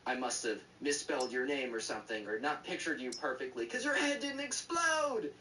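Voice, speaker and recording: A man voicing a creepy teenage schoolgirl who speaks in a flat, menacing tone. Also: mid-range voice, fairly quick, echoey room, close to an everyday voice. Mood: deadpan. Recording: distant mic, loud vehicle noise.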